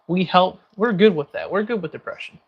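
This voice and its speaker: A man's voice: high voice, lively intonation, brisk, dull audio. Jokey man chatting while he cooks. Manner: jokey banter, reading viewer comments aloud. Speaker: livestream host. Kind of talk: casual livestream chat while cooking.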